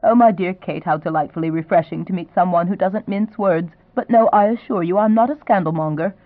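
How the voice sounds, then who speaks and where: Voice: medium pitch, fairly quick, no room sound, close to an everyday voice. Romance audiobook: a reader doing a polite, persistent old duchess. Thin, narrow sound, dry. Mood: genteel. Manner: genteel, pleasantly insistent. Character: elderly duchess grandmother, gracious, persistent.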